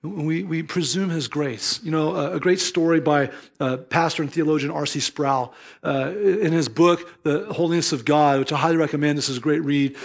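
A man's voice: on the high side, steady tone, moderate pace, creaky, hardly any pauses. A man preaching a sermon as pastor, earnest and emphatic, mixing scripture with storytelling.

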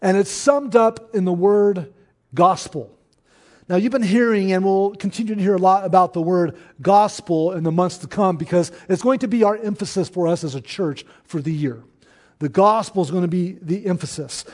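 A man preaching a sermon to his church, in an earnest, conversational way with pauses. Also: high-pitched, darkish tone. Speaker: pastor.

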